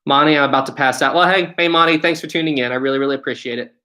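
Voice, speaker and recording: A man's voice: on the high side, steady tone, very fast, bright, forceful tone. A man in his twenties with a West Virginia accent, hosting a casual live stream and answering chat. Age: 20s. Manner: friendly, repeats "really, really". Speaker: channel host.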